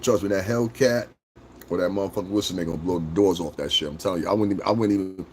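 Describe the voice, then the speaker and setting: A man livestreaming casual chat with his viewers, joking, swearing and laughing often as he rambles and acts out quick bits. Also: low-pitched, darkish tone, slight background noise. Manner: talks straight to chat, rambling with restarts.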